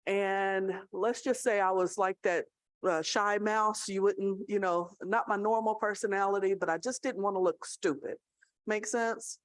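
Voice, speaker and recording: A woman's voice: mid-range voice, fairly even intonation, measured pace, no room sound. Southern American woman telling a story. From Tennessee, USA. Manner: conversational storytelling, checks in with the audience. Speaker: college student affairs leader. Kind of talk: speech at a staff awards gathering.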